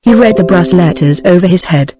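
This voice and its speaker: A British woman narrating a storybook in a steady, even text-to-speech reading. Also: fairly low pitch, fairly quick, poor audio. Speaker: audiobook narrator. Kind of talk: scripted narration.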